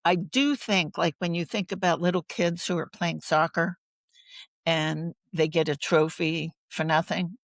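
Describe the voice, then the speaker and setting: A woman's voice: fairly low pitch, steady tone, measured pace, no echo. A woman guest in a conversational interview, talking earnestly and thoughtfully and expanding her points with personal stories.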